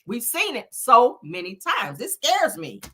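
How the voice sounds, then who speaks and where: Sassy gossip-show woman, bright tone. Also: fairly high pitch, huge pitch swings, measured pace. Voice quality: sassy, chatty, peppered with honey and child. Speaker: celebrity gossip livestream host. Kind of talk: casual gossip commentary to a live chat.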